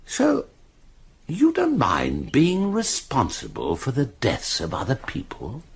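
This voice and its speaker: Gravelly, hot-headed old police chief for radio drama, husky, wildly swinging delivery. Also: male voice, medium pitch, huge pitch swings, takes it slowly, full character voice. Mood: irate. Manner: blustering, bullying, swings to shouting. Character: blustering older male chief constable, hot-tempered. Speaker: chief constable.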